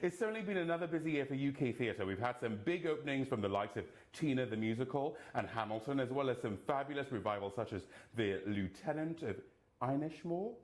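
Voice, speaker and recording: A man announcing award nominations, reading the names deliberately and dropping playful, camp jokes between them. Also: mid-range voice, animated, darkish tone.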